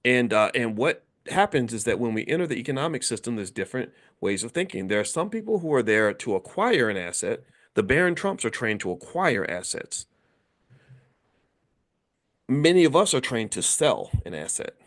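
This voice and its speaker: A middle-aged American man, a finance educator hosting his channel, giving an animated, casual motivational talk and acting out the voices of people he quotes. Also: medium pitch, normal speed.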